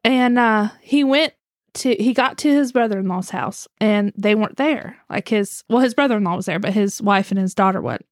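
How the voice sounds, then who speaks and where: A woman's voice: medium pitch, normal speed, dry recording, studio quality. A woman with a West Virginian accent, chatting as a podcast co-host and telling a true-crime story, laughing often as she talks.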